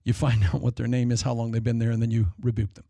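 Gravelly preacher man, dry sound. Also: mid-range voice, flat delivery, warm tone, dry recording. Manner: dramatic, acts out demons and people in quick asides. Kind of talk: sermon.

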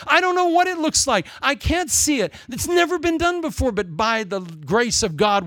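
A male pastor preaching a sermon in an excitable way, wandering off into jokey asides. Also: on the high side, creaky, dry recording.

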